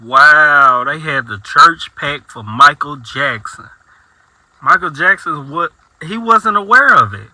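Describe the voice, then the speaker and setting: Slow, bright-voiced male reaction host. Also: on the high side, lively intonation, dry recording, low-quality recording. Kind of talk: casual reaction commentary.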